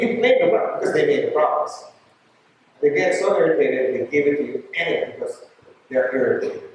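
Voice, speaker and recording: Emphatic preacher in an echoey church. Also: male voice, a little high, far from the mic, slight background noise. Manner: emphatic, repeats lines, checks in with the congregation. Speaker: bishop preaching a homily. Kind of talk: sermon.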